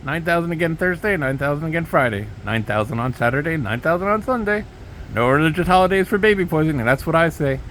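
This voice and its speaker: A man's voice: on the high side, animated, quick pace, a bit bright, slight background noise, voice pushed up, rough recording. A man doing a brash, bragging older politician. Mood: boastful. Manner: bragging, repetitive, exaggerated. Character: boastful older male politician impression, brash. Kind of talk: mocking impression in a monologue.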